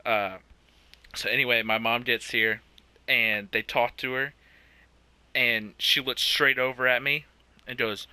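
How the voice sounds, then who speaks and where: A man's voice: mid-range voice, fairly even intonation, measured pace, pauses often, bright, forceful tone, clear, resonant tone, no echo. A young man co-hosting a podcast, telling a childhood story in casual chat, laughing often and swearing. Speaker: podcast co-host.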